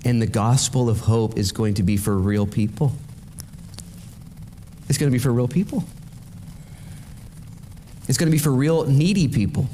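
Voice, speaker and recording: A male pastor preaching a sermon in an energetic, conversational way, speaking directly to the congregation. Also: medium pitch, normal speed, long pauses, a little hiss or hum.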